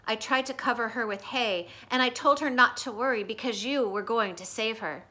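A cheeky little dog coaxes his friend in a high, bright voice , as a woman reads him out. Loyal and fond, he chirps along from the pages of a storybook. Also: normal speed. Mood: coaxing.

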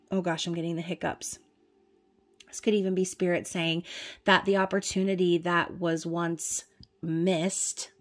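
A woman talks through a tarot reading in a casual, unscripted monologue. Her voice sits low and stays fairly flat. She is blunt and now and then swears, and she keeps asking "okay?" along the way. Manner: chatty, peppered with "okay?" and fillers. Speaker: tarot reader.

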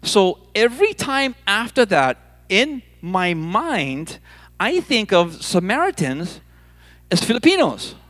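Playful pastor guy from hawaii preaching, voice jumps all over, kinda high. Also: takes it slowly. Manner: animated, playful storytelling, repeats words. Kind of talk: sermon. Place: church stage.

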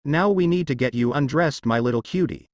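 A man's voice: mid-range voice, fairly quick, dry recording, muffled recording, natural voice. A man reading a story aloud, voicing a sly adult ninja woman who speaks in a silky, coaxing way.

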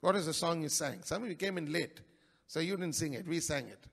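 A male pastor from India preaches in church, his voice on the high side, expressive and husky with vocal fry. He swings between sudden loud surges and rapid, hushed asides.

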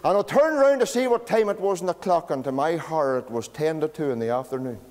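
Northern Irish preacher, high voice, homely storyteller, long church reverb. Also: male voice, fast talker, darkish tone. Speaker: pastor. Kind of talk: storytelling sermon.

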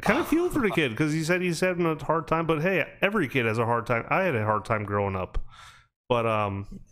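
A man's voice: on the high side, expressive, brisk, fairly bright tone. Man, podcast host, casual chat, rambling, lots of ums. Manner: rambling storytelling with many fillers.

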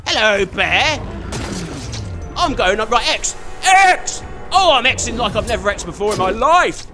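A man giving chatty, excitable let's play commentary, swearing mildly and talking to the game character. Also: high-pitched, moderate pace, music in the background. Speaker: gamer.

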